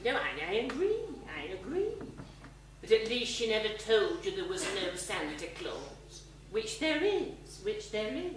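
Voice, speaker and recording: A man's voice: high voice, very animated, unhurried. A man playing a wry, theatrical male ghost in a one-man stage show, speaking in a stately way with joking asides. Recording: echoey theatre stage, mic far off, audience noise.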